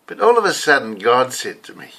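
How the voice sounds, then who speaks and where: This older New Zealander, a lay preacher, has a medium-pitched, sing-song voice that is bright and forceful, and he talks fairly quickly in a New Zealand accent. His casual sermon is rambling and confessional, full of personal stories.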